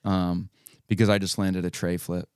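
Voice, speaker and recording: A man's voice: low voice, little pitch movement, moderate pace, darkish tone, smooth, no echo, clean studio sound. A man co-hosting a podcast in laid-back casual chat, calling people dude and bro. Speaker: podcast co-host.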